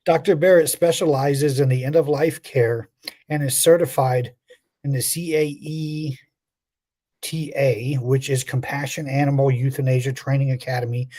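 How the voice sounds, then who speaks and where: A man's voice: medium pitch, mellow. A man co-hosting a pet podcast, reading a guest's bio with wry asides and stumbling over a few names. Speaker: podcast co-host.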